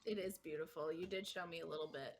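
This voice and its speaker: A woman's voice: low-pitched, steady tone, quick pace. Curious, attentive woman podcast host. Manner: attentive, asks clarifying questions. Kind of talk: casual chat.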